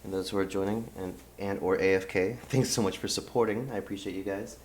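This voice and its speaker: A man's voice: sits low, fairly even intonation, fast, a little hiss or hum. A man streaming a game live, chatting casually and rambling with lots of fillers, on a desk mic. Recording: roomy room with game music.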